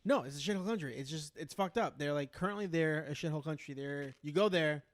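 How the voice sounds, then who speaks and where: A man co-hosting a casual podcast, telling stories in an animated, profane way. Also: a little high, fast, dry recording. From United States. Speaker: podcast co-host. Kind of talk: casual chat.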